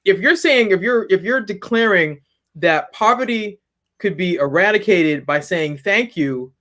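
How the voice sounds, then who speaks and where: A woman business founder as a guest on an interview show, talking in an animated, humorous way with frequent restarts. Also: medium pitch, unhurried. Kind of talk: interview conversation.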